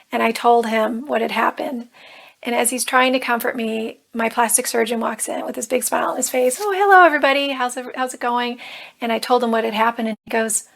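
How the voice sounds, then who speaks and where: Earnest woman telling her story, higher voice. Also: gravelly, fairly bright tone. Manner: earnest, emotional retelling with nervous humor. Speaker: life coach. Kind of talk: personal storytelling vlog.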